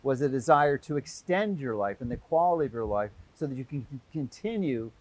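Husky male interviewer with short interjections. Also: mid-range voice, expressive, fairly quick. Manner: brief, encouraging interjections. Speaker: interviewer host. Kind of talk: casual interview chat.

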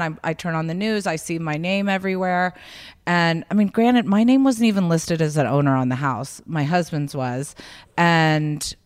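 A woman's voice: fairly low pitch, normal speed. A woman in her thirties, a podcast guest, telling a story in a casual, chatty way with many restarts. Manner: chatty, many restarts, acts out quoted voices.

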